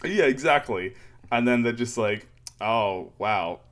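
Male co-host, mid-pitched, laid-back sarcastic recap, loose and chatty. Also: animated, takes it slowly. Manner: laid-back, rambling recap with fillers, sarcastic asides and laughs. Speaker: podcast co-host recapping a manga. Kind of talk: casual chat.

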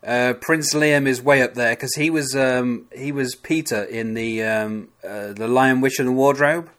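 A man's voice: mid-range voice, fairly even intonation, measured pace, fairly bright tone. Hesitant British man, podcast guest. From Britain. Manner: hesitant, many ums and likes. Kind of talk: casual podcast chat.

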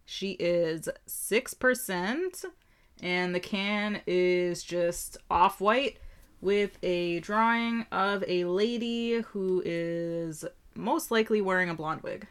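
A woman co-hosting a casual chat, chiming in with quick, wry remarks and some swearing. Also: lowish voice, clear, resonant tone. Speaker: co-host.

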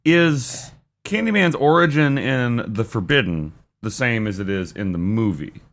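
A young man co-hosts a casual podcast with lots of energy and frequent laughter. His pitch swings widely as he talks. His tone is bright and forward. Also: measured pace. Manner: animated, laughs often. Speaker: podcast co-host.

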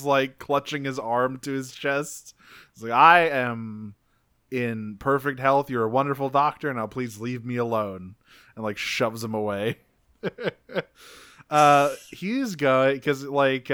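A man's voice: medium pitch, fairly bright tone, clean tone, no room sound, studio quality. Laid-back swearing man podcast co-host. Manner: laid-back, swears casually, laughs often. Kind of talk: casual chat.

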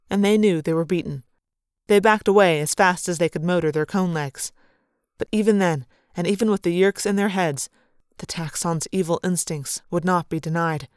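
Woman narrating an audiobook, smooth and low. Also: no room sound, studio quality. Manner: dramatic, vivid storytelling. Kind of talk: first-person story narration.

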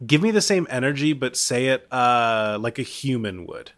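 A young man from Kentucky co-hosting a podcast, dry and deadpan in casual comedic chat. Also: mid-range voice, moderate pace. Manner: dry deadpan, directing takes like a producer. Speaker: podcast co-host.

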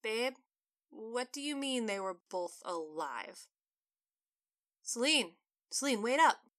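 Woman playing a laid-back male restaurant owner, casual, brisk, bright tone. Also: a little high, big pitch swings, full character voice. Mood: puzzled.

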